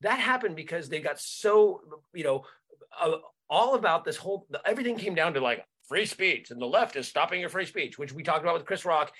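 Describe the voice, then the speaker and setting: A man with a noticeably high voice rants through a casual political discussion on a comedy podcast. He swears freely and trips over repeated words as he searches for the right term. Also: animated, fairly quick, a bit bright, husky. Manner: profane, repeats words while searching for them, restarts often.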